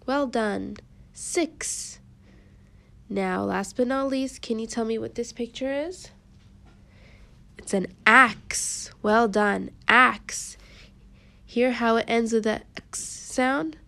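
A woman teaching a kindergarten phonics lesson, sounding out letters slowly and praising the children often. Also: mid-range voice, gravelly.

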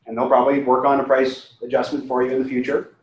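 A man's voice: mid-range voice, completely flat delivery, quick pace, lo-fi sound. A man who is a real estate agent, giving a casual training talk and acting out both sides of client conversations. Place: training room. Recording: echoey room.

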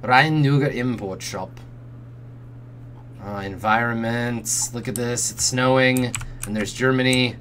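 A man's voice: mid-range voice, slow, a bit bright, a little hiss or hum. A man streaming a role-playing game, casually commenting in a jokey way, swearing and often muttering under his breath. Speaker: let's play streamer.

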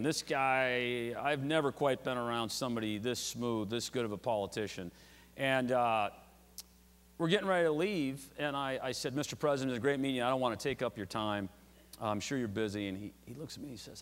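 Man, author on stage, lively storytelling, loud, joking, faint hum, lecture hall mic. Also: fairly high pitch. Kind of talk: anecdotal public talk.

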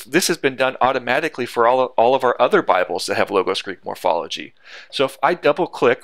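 Bright-voiced man walking through software steps. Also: lowish voice, no echo. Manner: methodical, step-by-step explaining. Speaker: software tutorial instructor. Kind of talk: screen-recorded software tutorial.

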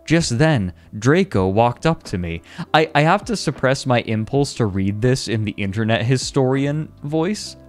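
A man reading a story aloud on his stream in a slow, mock-dramatic way. His pitch swings widely as he hams up each line, with faint music playing behind him. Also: animated. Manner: mock-dramatic, breaks into laughter.

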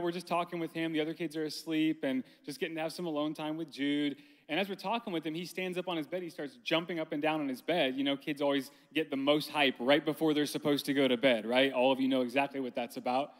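Guy in his 30s preaching, funny family stories, talks to the crowd, kinda high voice. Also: quick pace, a bit bright. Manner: humorous, storytelling, addresses audience. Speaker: conference speaker. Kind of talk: sermon with personal story. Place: large conference hall. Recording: long hall reverb.

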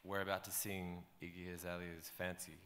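A man's voice: low-pitched, level tone, moderate pace, big-room sound, a crowd in the background. A man moderating a conference panel, making dry jokes as he hands over the questions.

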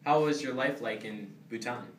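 A man's voice: medium pitch, moderate pace, close to an everyday voice. Brief: young man as a rude interviewing boss, dry delivery, distant mic, roomy room. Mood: businesslike. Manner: dry and dismissive, turning insulting. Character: blunt, rude male company boss. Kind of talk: amateur comedy sketch acting. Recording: roomy, distant, faint background noise.

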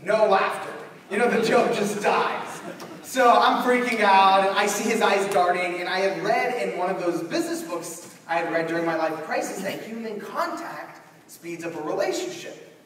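A young man with a fairly high voice giving an animated storytelling keynote, acting out scenes as he goes. He is heard from a distance in a long-reverb conference hall with a faint background hum. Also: moderate pace. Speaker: keynote speaker. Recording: echoey hall from far off.

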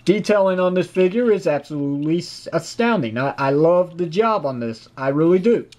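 A man with a high-pitched voice talks through a product review in a casual, chatty way. He is opinionated and enthusiastic, with frequent praise. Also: lively intonation, normal speed, a little mellow. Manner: chatty and opinionated, with fillers like "you know". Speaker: toy reviewer.

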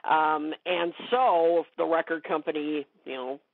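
A woman's voice: low-pitched, fairly even intonation, measured pace, no room sound. A woman speaking as a guest expert in a casual interview chat, talking with many fillers and restarts. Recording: dry phone-like call audio.

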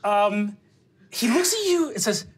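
A woman narrating as game master of a tabletop game, lively and full of fillers. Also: mid-range voice, a little slow, slightly rough.

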